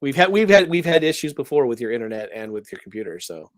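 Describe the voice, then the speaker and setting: Animated, playful male co-host. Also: mid-range voice, fast, no room sound, clean studio sound. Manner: animated, playful, prone to silly voices. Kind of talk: casual livestream chat.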